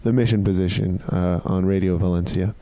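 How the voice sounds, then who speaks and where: A man's voice: low voice, fairly even intonation, brisk, dark tone, no room sound. Male comedian co-host, jokey, teasing, dry close sound. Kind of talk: casual comedy podcast banter.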